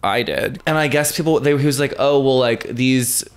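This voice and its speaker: A man's voice: mid-range voice, moderate pace, clean tone. A young man co-hosting a podcast, chatting casually with blunt, sweary reactions. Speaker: podcast co-host. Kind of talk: casual chat.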